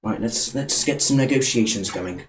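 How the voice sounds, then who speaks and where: A young British man giving excitable, cheeky live commentary on a football video game, with game music behind him. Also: medium pitch, normal speed, slight background noise. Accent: British English. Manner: excitable, shouting and cheeky trash talk. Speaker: gaming YouTuber.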